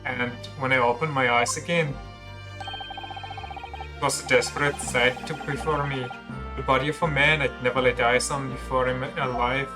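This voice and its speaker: A man doing a slow folksy defendant. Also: mid-range voice, wildly swooping pitch, over music. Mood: pleading. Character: rough working-class male defendant, older, folksy.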